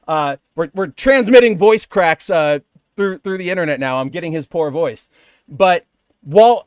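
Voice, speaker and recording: A man's voice: fairly high pitch, dry recording, studio quality. A man co-hosting a comic book podcast, chatting casually and rambling with lots of fillers. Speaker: podcast co-host.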